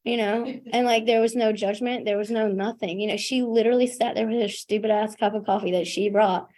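A woman's voice: medium pitch, steady tone, fairly quick, darkish tone. A young woman telling her recovery story at a meeting in a casual, self-deprecating way, full of "like" and "you know". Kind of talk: candid personal share at a recovery meeting.

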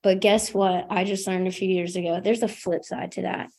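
Woman, young adult, recovery meeting share, casual, self-deprecating, filler-heavy, mid-pitched. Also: level tone, normal speed, vocal fry, darkish tone. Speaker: recovering alcoholic sharing her story.

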